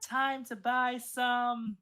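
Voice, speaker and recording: A game master voicing an excitable, cheeky little girl who squeals and chants in a sing-song way. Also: medium pitch, moderate pace, soft background music. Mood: giddy.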